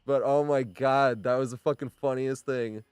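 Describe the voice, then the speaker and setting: A man's voice: mid-range voice, fairly even intonation, moderate pace, darkish tone, clean tone, dry recording. A young man streaming a game, telling rambling stories in casual chat, laughing often and swearing freely. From New York area.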